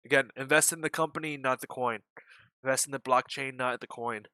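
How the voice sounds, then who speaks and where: A man hosting a live day-trading stream chats casually about the market, rambling with frequent restarts, the odd swear, and hiccups. His medium-pitched voice is steady, a little fast, sharp, and clean, with no echo.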